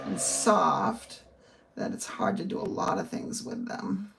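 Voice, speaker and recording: Over a noisy background, a middle-aged woman from the northern United States slowly walks through a card-making project step by step. The papercraft instructor has a gravelly, mid-range voice with big swings in pitch, and the demo is casual and chatty.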